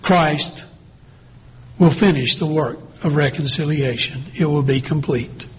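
A man preaching a sermon in a slow, deliberate way, reading scripture aloud with long pauses. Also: a little high, slightly rough, poor audio. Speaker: pastor.

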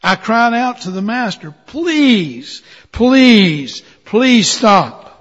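A man's voice: sits high, very animated, unhurried, bright, forceful tone, heavily acted. A man voicing a female clay teacup who begs in rising, desperate cries, as part of a sermon story. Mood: pleading. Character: suffering teacup of clay, female, pleading and fearful. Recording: dull sound with long hall reverb.

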